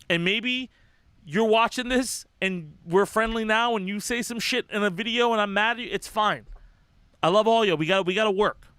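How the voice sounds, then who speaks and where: A man's voice: high voice, pushed and bright, dry recording. A young man hosting a casual livestream, talking in an impassioned, profane, rambling way with many restarts. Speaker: livestream host.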